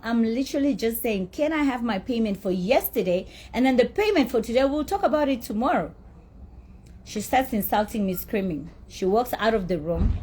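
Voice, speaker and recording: A woman with a husky, slightly high voice recounts a quarrel in a blunt, indignant way. She swears freely and sounds thoroughly fed up. She comes across as middle-aged and speaks with a celebrity's self-assurance. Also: darkish tone. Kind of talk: heated personal storytelling.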